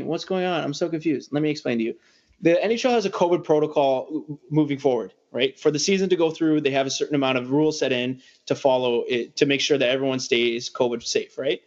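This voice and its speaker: A man with a slightly raised voice hosts a casual sports podcast. He rambles and cracks jokes with animated energy. The sound is dull and lo-fi. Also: on the high side, fast talker. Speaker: podcast host.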